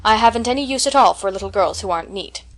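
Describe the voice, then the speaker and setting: A woman's voice: fairly high pitch, normal speed, lightly acted. A woman reading as a stern old spinster. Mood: scolding. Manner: stiff, scolding. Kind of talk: audiobook character reading.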